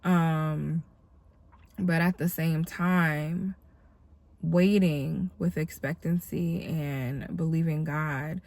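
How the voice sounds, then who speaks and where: Tired, nasal woman with a low, gravelly voice. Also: steady tone, very slow, darkish tone. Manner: reflective, encouraging, many fillers. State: tired and congested. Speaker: dancer and vlogger. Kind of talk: casual devotional vlog talk.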